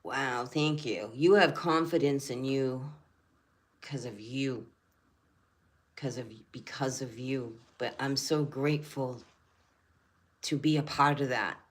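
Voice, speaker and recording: A woman's voice: rumbling low, takes it slowly. An older woman hosting a spiritual channel who talks earnestly in a rambling way and repeats her phrases. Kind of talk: casual livestream talk.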